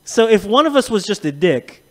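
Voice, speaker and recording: A man hosting a podcast, chatting casually and profanely, telling animated stories and laughing often. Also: high-pitched, brisk. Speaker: podcast host. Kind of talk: casual chat.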